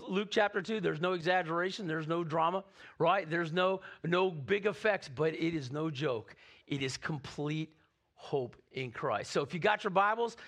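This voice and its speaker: A male pastor giving a lively Christmas Eve sermon in church, calling on the congregation to respond. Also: high-pitched. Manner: energetic, calls on the congregation to respond. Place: church sanctuary.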